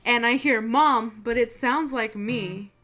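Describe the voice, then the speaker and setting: A woman's voice: a little high, unhurried, fairly bright tone, soft background music. A young woman hosting her channel, chatting casually and telling spooky stories, swearing freely and acting out what people said. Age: young adult. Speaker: channel host.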